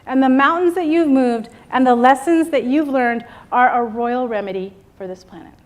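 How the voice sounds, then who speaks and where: A woman's voice: sits high, normal speed. A middle-aged woman giving a rousing motivational speech on stage, calling out to her audience and drawing replies. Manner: rousing, call-and-response with the audience. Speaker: keynote speaker. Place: event stage before a live audience.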